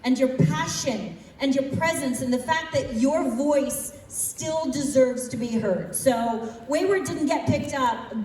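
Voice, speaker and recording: A high-pitched woman speaks on a convention stage with animated, self-mocking energy and casual swearing. Her voice is picked up from some distance in a roomy, echoing hall, with a faint hum of noise underneath. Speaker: panelist. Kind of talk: convention panel talk.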